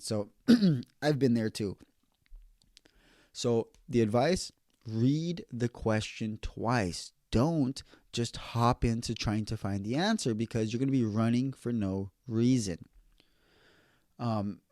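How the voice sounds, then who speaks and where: A man who works as an electrician, giving casual, earnest advice on passing an exam, slowing down to repeat key points. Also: mid-range voice, dark tone, no room sound, studio quality. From California.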